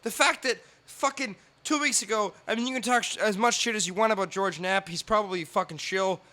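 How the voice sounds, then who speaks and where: High, bright ranting man. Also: a little fast. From Canada. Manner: profane, ranting, mimics others in put-on voices. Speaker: podcast guest. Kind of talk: casual podcast chat.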